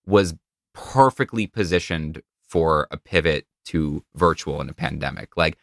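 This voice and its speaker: Extremely low and gravelly, this podcast host's voice moves at an unhurried pace as he tells stories and tosses in playful asides in casual conversation. His studio mic in a treated home studio yields a dry, studio-quality recording.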